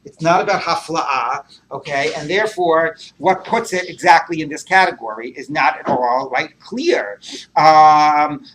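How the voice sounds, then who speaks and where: A man's voice: fairly high pitch, unhurried, fairly bright tone, slight background noise. A man teaching a Talmud class, working through texts aloud with many rhetorical questions and fillers.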